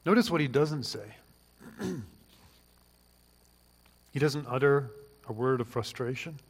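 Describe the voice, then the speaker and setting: A man's voice: mid-range voice, animated, takes it slowly, breathy edge. A man preaching a sermon in an earnest, pleading way that rises to fervent questions. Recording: long hall reverb.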